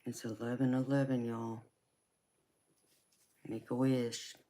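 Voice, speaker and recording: A slow-talking woman with a Southern accent from Georgia, hosting a live tarot stream. She chats easily with viewers, calling them honey and baby, and laughs often. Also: a bass voice, little pitch movement, warm tone. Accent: Southern American. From Georgia, United States.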